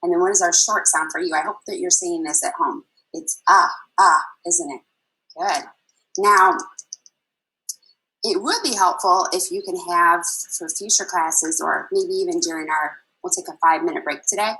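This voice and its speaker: A woman teaching young children over a video lesson, patient and upbeat. Her voice is bright and a little breathy, with a sing-song way of drawing out the sounds she teaches. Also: on the low side, moderate pace, low-quality recording. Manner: patient, encouraging, sing-song, addresses listeners as friends.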